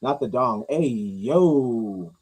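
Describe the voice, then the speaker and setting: A man's voice: animated, drawn-out words, loud music behind the voice, low-quality recording. A man hosting a podcast, riffing casually and jokingly on comments, rambling and repeating himself. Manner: rambling, jokey, swings loud and high for bits. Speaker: podcast host reading comments.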